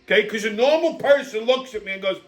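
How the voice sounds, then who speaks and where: A channel host with a noticeably high voice, animated and fed up, rants directly at his audience in a profane monologue, swearing freely. As his exasperation builds, he stammers and rapidly restarts his sentences, sounding worn out by the people around him.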